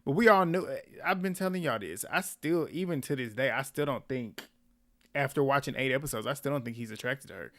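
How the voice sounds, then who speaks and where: A man's voice: mid-range voice, a little fast, fairly bright tone. A man giving a casual recap of a reality show, blunt and sarcastic, swearing freely and talking straight to his viewers.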